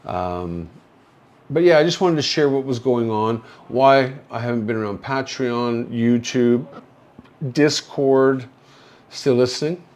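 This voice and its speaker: A man from Canada hosting a casual livestream from a hospital room, rambling slowly with many fillers, drowsy and slurring from painkillers. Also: medium pitch, a little mellow. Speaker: livestream host. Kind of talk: casual livestream chat reading viewer comments.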